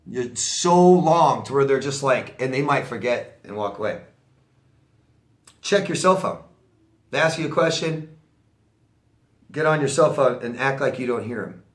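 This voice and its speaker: A man coaching in a casual monologue, blunt and conversational, with a middle-pitched voice. He comes back to his points with little asides. The room around him adds a clear, roomy echo. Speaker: life coach.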